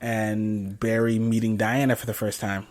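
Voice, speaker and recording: Rambling man with a lowish voice reviewing a film. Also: flat delivery, moderate pace. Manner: rambling, many fillers and self-corrections. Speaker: podcast host reviewing a film. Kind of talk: casual film review commentary.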